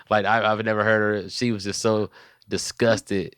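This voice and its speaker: A young man hosting a comedy podcast, telling animated stories and cussing freely in casual chat. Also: on the low side, normal speed, smooth, no room sound, studio quality. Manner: animated storytelling, swears freely. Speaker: podcast host.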